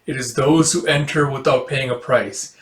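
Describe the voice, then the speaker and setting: A man voicing a giant demon lord who speaks slowly and imperiously. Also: mid-range voice, fairly even intonation, fairly bright tone, roomy sound, lightly acted. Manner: slow, imperious.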